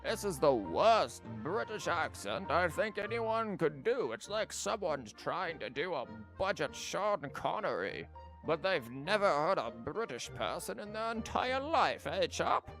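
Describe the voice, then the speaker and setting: A man's voice: a little high, very animated, measured pace, a bit bright, soft background music. A man streaming a video game, giving casual commentary with sarcastic, joking asides.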